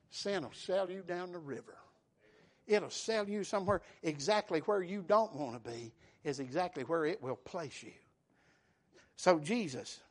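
A man preaching a sermon, calling for amens and rising to shouted climaxes. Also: high voice. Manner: call-and-response preaching, building to shouts.

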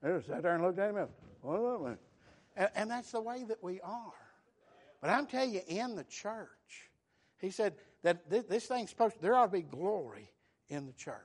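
A male preacher, delivering an impassioned sermon with call-and-response, swinging from loud to hushed. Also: sits high, lively intonation, moderate pace, slightly rough.

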